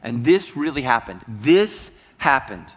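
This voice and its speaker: Earnest pastor in an echoey church hall. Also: male voice, medium pitch, big pitch swings, a little slow, slightly rough. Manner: earnest, dropping to a hushed voice for heavy moments. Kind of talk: sermon storytelling.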